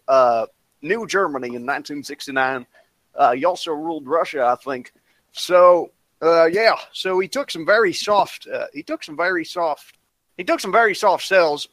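A man's voice: a little high, fairly bright tone, no echo. A man voicing a rambling redneck who fumbles through a science explanation, hesitant and full of made-up facts. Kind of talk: comedic improv impression.

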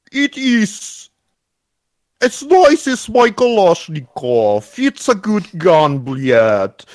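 A man putting on a swearing Russian who boasts in broken, halting English. His voice is high and swoops widely, and his delivery is slow and stumbling. It is a comedic improv bit, recorded dry. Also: a little mellow, no room sound, heavily acted. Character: cursing male Russian boaster.

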